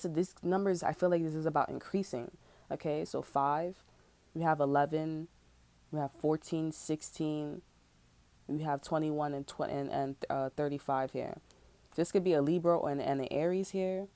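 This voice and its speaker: A woman with a fairly low voice talks through a tarot reading in loose, profane slang. She keeps saying "bro" and pushes into a loud, heated tone as she vents. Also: steady tone, normal speed. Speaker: tarot reader. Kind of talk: casual tarot reading turning into a rant.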